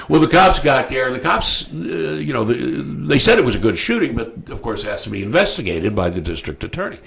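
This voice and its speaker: A man hosting a radio talk show, telling a story bluntly and crudely, loudly acting out the people in it. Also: mid-range voice, fast, creaky. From United States. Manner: animated storyteller, acts out quoted voices loudly.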